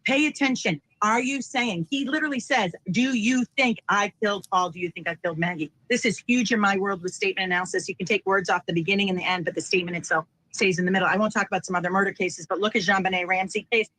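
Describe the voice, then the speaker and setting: A woman giving animated, teacherly expert commentary on a news panel as a deception analyst. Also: medium pitch, fast, few pauses, no echo, low-quality recording.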